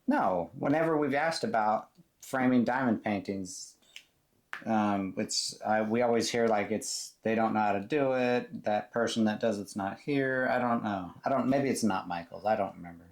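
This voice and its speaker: A man co-hosting a casual crafting chat, relaxed and agreeable. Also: on the low side, normal speed. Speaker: co-host, partner of the host.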